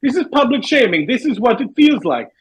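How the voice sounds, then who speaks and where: A man's voice: very high-pitched, very animated, fairly quick, slightly rough, poor audio. A man in casual podcast chat, making wry, sarcastic remarks.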